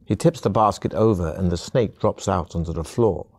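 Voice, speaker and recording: A man narrating a fantasy video game in scripted second person, in a calm, measured storytelling manner. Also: low voice, no room sound.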